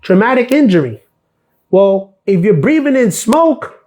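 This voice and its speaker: A man's voice: high voice, sing-song, measured pace, darkish tone. A middle-aged man hosting a live stream, ranting bluntly and sarcastically about his workplace and swearing freely. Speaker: live stream host, former mail carrier.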